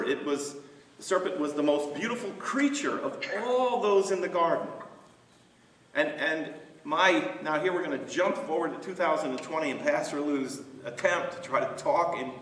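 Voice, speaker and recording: A man who is a pastor, leading a Bible study discussion in a halting way, with many fillers and restarts. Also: on the high side, expressive, fairly bright tone, slight background noise. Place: church sanctuary. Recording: echoey church hall, mic from far off.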